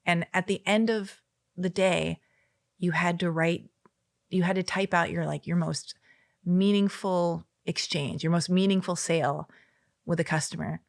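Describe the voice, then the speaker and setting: A woman's voice: on the low side, unhurried, vocal fry, dry recording, studio quality. A woman in her forties from Los Angeles, telling stories as a podcast guest and acting out the quotes in them. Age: 40s. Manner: animated storyteller who acts out quotes. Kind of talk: casual chat.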